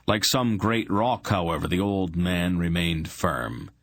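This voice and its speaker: A man narrates a fantasy novel with steady, unhurried reading. His voice is deep and husky and moves slowly. It is recorded dry and close. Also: no room sound. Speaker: audiobook narrator. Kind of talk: scripted narration.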